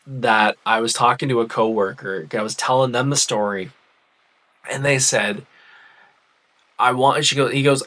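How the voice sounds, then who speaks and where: A man casually telling a funny personal story to his viewers, in a chatty, animated way. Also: medium pitch. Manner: chatty, animated retelling with fillers. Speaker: storyteller vlogger.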